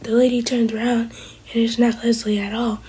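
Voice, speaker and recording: A woman's voice: a little high, flat delivery, moderate pace, warm tone, husky, rough recording. A woman casually recapping a TV episode as a reviewer, retelling scenes in a chatty way and loosely quoting the characters.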